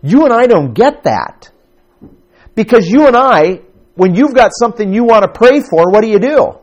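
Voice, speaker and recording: A man's voice: sits high, very animated, normal speed, a little mellow. A man preaching a conversational sermon to his congregation, asking them questions as he teaches. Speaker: pastor.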